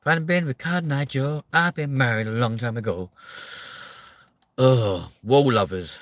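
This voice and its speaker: A man, hosting a live chat show with loud, sweary, joking banter. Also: mid-range voice, normal speed, dry recording. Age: 30s.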